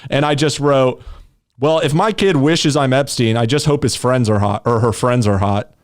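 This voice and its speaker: A man's voice: mid-range voice, moderate pace. A young man hosting a casual podcast chat, brash and joking, laughing at his own lines. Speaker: podcast host.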